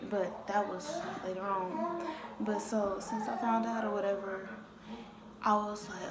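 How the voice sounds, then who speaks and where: A woman's voice: medium pitch, expressive, a little slow, over loud music. A young adult woman casually rambling through a personal story as a vlogger, in a loose, conversational way. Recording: echoey room with loud background noise.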